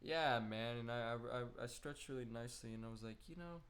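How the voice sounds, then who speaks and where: A young man in easy, unhurried conversation, drifting through a personal story with plenty of "man" and "dude". His voice sits at a middle pitch, and his delivery stays relaxed and loose, with curse words mixed in. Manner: rambling, laid-back storytelling with slang and swearing. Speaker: gaming streamer. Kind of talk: casual chat while gaming.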